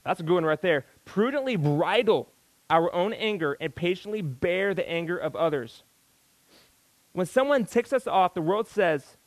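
High-voiced, exclamatory male preacher. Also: lively intonation, normal speed, no echo, low-quality recording. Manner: exclamatory, folksy, with sudden outbursts. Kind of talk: sermon.

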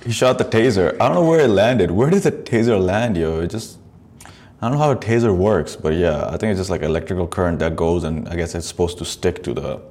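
A man's voice: sits low, a little fast, darkish tone. A man hosting a podcast, commenting on videos in a profane, rambling way and laughing often. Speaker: podcast host.

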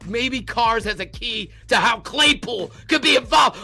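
A man on a live post-game show, ranting angrily about his football team with heavy swearing and shouting. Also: extremely high pitch, expressive, unhurried, gravelly, hardly any pauses, soft background music. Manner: profane, shouting rant. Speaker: podcast co-host. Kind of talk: post-game sports rant.

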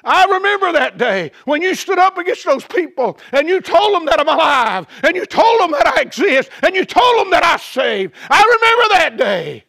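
God, booming fatherly welcome, high gravelly voice, dry sound, a preacher acting him out. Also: very animated, a little slow, no room sound, heavily acted. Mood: proud. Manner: booming, shouting reassurance.

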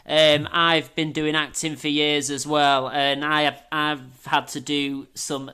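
A man's voice: fairly high pitch, level tone, takes it slowly, pushed and bright, smooth. A man who works as an actor, telling wry anecdotes in casual chat with frequent ums. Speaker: caller, actor.

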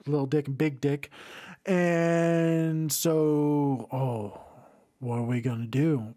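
A man's voice: a little high, fairly even intonation, slow pace, warm tone. A man hosting a podcast, giving a rambling, profanity-heavy film review in a casual rant. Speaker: podcast host reviewing films.

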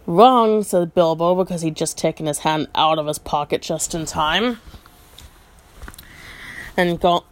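A woman reads a story aloud at an unhurried, slow pace, her voice sitting somewhat low. She drifts into musing side comments and fills pauses with ums as she goes. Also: steady tone. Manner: thoughtful, musing asides, frequent ums. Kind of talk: reading a book aloud with asides.

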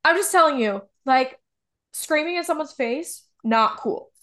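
A woman's voice: high voice, animated, unhurried, fairly bright tone. A woman co-hosting a TV recap podcast, talking in a heated, emphatic way and swearing casually. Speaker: podcast co-host.

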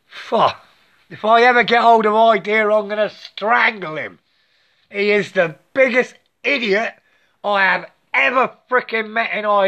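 A man's voice: sits high, bright, forceful tone, muffled recording. A man in his late fifties giving a rambling spiritual monologue, swearing freely and tagging most sentences with "yeah?". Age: 50s. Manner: profane, repetitive, keeps asking "yeah?".

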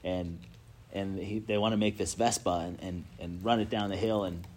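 Low-voiced man leading a Bible study. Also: fairly even intonation, moderate pace, a little mellow. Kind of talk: casual group discussion and Scripture reading.

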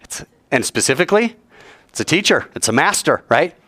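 Male preacher, sermon, lively swooping pitch, dry close sound, keeps quizzing the congregation. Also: a little fast, no room sound. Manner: animated, asks the audience rhetorical questions.

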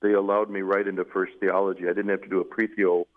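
Low-voiced man on a tinny line. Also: level tone. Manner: measured, halting, many fillers and restarts. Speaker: newly appointed bishop, guest. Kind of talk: interview conversation, recounting memories. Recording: phone-like narrow band, radio broadcast.

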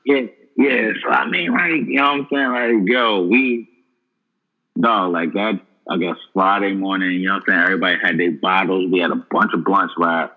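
A man's voice: low-pitched, moderate pace, phone-quality sound. A man co-hosting a casual chat, rambling with many fillers and profanity.

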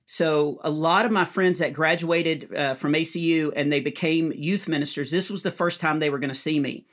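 Lively storytelling comedian man. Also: a little high, moderate pace. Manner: lively storyteller who acts out other people's lines. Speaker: comedian guest. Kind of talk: telling a comic story.

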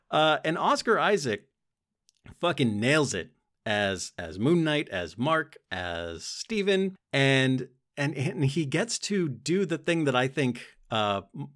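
A young man hosting a casual solo podcast, rambling excitedly about a show, swearing often and laughing between thoughts. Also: medium pitch. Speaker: podcast host.

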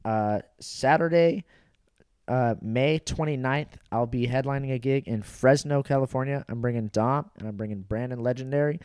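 A young man hosting a casual podcast, crude and joking in a relaxed way. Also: mid-range voice, moderate pace, smooth, dry recording, studio quality. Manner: crude, joking, laid-back. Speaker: podcast host.

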